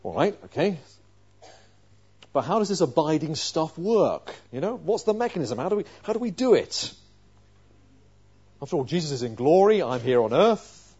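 A male preacher delivering an emphatic sermon, full of rhetorical questions, dropping quiet and then rising loud. His voice is mellow and dark. The recording is slightly dull and lo-fi. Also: fairly high pitch, very animated, normal speed, pauses often, slightly rough.

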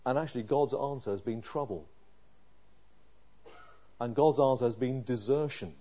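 The clip features a man preaching: he reads scripture aloud and takes on the psalmist's prayers, moving between hushed pleas and loud, impassioned stress. He has a mid-range voice at normal speed, and the recording's high frequencies are cut off.

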